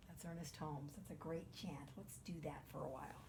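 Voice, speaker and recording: A woman minister giving a gentle, earnest spiritual talk, sometimes dropping to a soft near-whisper. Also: sits low, fairly even intonation, brisk, gravelly, background noise.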